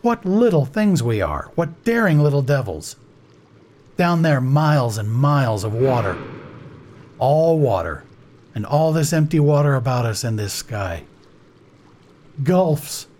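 A man voicing an excitable naval commander on a gunboat, speaking in an animated, dramatic way. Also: mid-range voice, a little slow, pauses often, a little hiss or hum, voice pushed up. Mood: awestruck.

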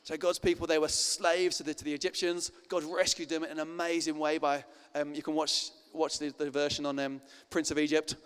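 A man's voice: fairly high pitch, level tone, fairly quick, hardly any pauses, fairly bright tone, smooth. A male pastor giving an informal, chatty sermon with fillers and restarts. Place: church meeting hall. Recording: long reverb in a hall.

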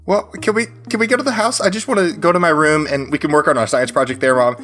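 A man playing a tabletop role-playing game with a fairly high voice, rambling on eagerly in character. Faint music plays behind him. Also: fast talker, a bit bright. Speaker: player.

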